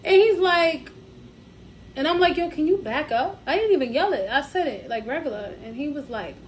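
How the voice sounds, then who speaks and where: A woman, co-hosting a podcast, telling a story in casual chat and acting out both sides of it, animated and profane. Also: high voice, moderate pace, a little hiss or hum, rough recording. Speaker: podcast co-host.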